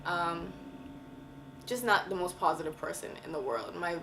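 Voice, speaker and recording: Candid woman vlogging, low voice. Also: lively intonation, vocal fry, background noise. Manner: candid and emotional, slangy, drawn-out words. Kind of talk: personal confessional vlog.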